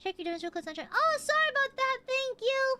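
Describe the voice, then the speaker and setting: A young woman talks casually to her stream chat in a very high, bright voice. Her pitch swoops up and down as she jokes and giggles. Quiet music plays faintly behind her. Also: very animated, brisk. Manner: playful, chatty, bursts into giggles and squeals.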